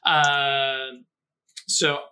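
A man's voice: mid-range voice, flat delivery, very slow, bright, forceful tone, smooth. A man running a tabletop game as game master, explaining rules with many fillers and restarts.

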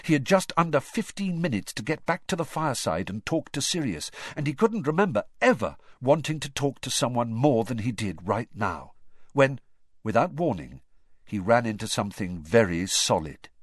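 A man reading a storybook aloud with expressive, animated narration. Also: mid-range voice, moderate pace, no echo, clean studio sound. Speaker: audiobook reader.

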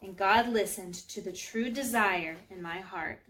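A woman's voice: mid-range voice, a little slow, a bit bright, slight background noise, natural voice. A devout woman speaks earnestly and pleadingly in a children's storybook reading, as a woman reader takes her part. Her voice is heartfelt and sincere. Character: sorrowful devout praying woman.

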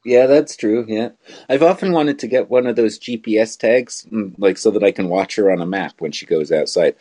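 Low-pitched dude rambling on about stuff from his bedroom. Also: moderate pace, mellow. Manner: rambling, easygoing storyteller. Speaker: co-host. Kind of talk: casual live-show chat.

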